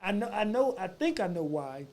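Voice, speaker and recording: Podcast host, pretty average pitch, keeps rephrasing the question, sympathetic. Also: big pitch swings, moderate pace, a little mellow. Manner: empathetic, repeats questions. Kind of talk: conversational interview.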